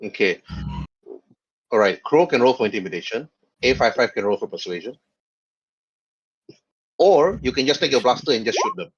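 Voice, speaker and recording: A man acting as game master, calmly calling for dice rolls. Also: mid-range voice, moderate pace, long pauses, husky, lo-fi sound. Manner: relaxed, calls for rolls. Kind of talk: running a tabletop game.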